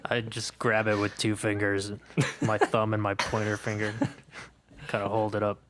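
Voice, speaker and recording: A man's voice: on the low side, monotone, moderate pace, fairly bright tone, slight background noise. A man playing a tabletop game, joking dryly in casual table talk. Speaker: player.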